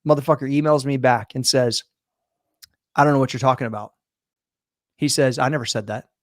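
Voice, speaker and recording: A man co-hosting a podcast, telling a story in a profane, animated, casual way. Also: mid-range voice, fairly quick, no echo, clean studio sound. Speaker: podcast co-host. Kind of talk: casual chat.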